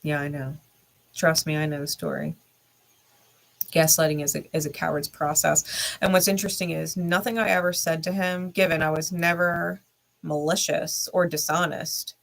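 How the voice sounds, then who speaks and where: A woman's voice: deep voice, little pitch movement, normal speed, gravelly, a bit bright. A woman, a spiritual content creator, telling a personal story in a blunt, heavily profane and emphatic way. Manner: heated, intense retelling.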